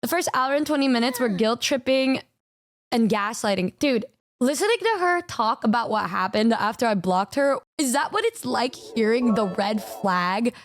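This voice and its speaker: A woman's voice: a little high, expressive, moderate pace. A young woman streaming, chatting casually and animatedly, swearing and mimicking other people in exaggerated voices. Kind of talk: casual stream reaction chat.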